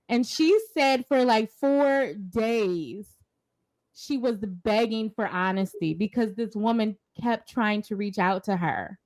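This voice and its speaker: A woman co-hosting a casual pop-culture podcast, telling stories emphatically and acting out the quotes. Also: on the high side. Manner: animated, emphatic storyteller, acts out quotes. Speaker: podcast co-host.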